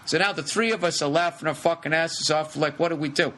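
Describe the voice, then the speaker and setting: A middle-aged man hosting a podcast, telling a rambling comic story with lots of swearing in quick animated bursts. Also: on the high side, poor audio. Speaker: podcast host. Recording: faint background noise.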